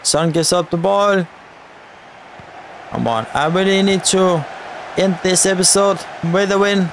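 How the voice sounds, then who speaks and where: A man with a high, unhurried voice provides live commentary as he plays a football video game, encouraging the players on screen and chatting with his viewers. A slight hiss or hum sits under the audio of this gaming channel host.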